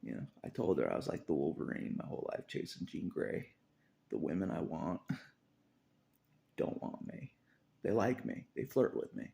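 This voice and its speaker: A very low, gravelly man's voice, dark in tone, rising and falling widely as he talks. He rambles through a confessional monologue, circling back to the same phrases and chuckling softly between thoughts. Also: huge pitch swings, moderate pace, long pauses.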